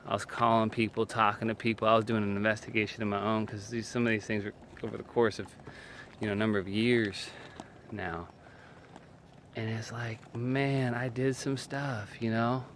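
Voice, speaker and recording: A man's voice: lowish voice, flat delivery, moderate pace, a bit bright, a little hiss or hum. A man giving an earnest, emphatic talk from personal experience. He repeats short phrases and keeps saying "man". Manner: speaks from personal experience, faith-based. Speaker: video speaker on relationships.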